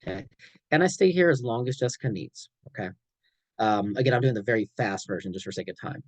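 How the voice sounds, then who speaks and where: A man giving a clinical training presentation in an animated way, checking in often and acting out examples. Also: mid-range voice, fast, no room sound, low-quality recording. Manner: animated, frequent "okay?" check-ins, acts out examples.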